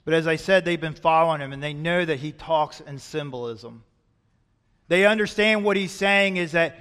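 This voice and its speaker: A male pastor preaching a sermon in a church sanctuary, speaking earnestly and building to loud, emphatic passages. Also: on the high side, normal speed, clean tone. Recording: long reverb of a large hall.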